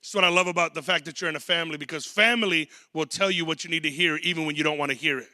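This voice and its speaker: A man's voice: a little high, steady tone, rapid-fire, sharp tone, no room sound, studio quality. A man in his thirties preaching a sermon as a guest pastor, telling stories and acting out quotes. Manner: storytelling with acted quotes.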